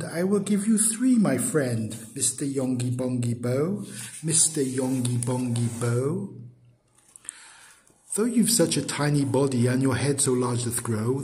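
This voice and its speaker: A man voicing a tearful lady who gently turns down a suitor, in a raised, lilting, sing-song voice. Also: mid-range voice, slight background noise, natural voice. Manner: sing-song verse recital.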